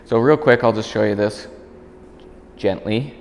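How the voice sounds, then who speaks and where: Low-voiced guy explaining dog training, calm and steady, reverby room with faint hiss. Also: fairly quick. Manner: calm explaining, high-pitched praise to the dog. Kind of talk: instructional demonstration.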